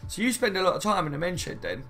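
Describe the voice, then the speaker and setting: A man's voice: high voice, expressive, fast, sharp tone, slight background noise. A man hosting a casual live stream, chatting loosely and reading viewers' comments aloud before answering them. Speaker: fan channel host.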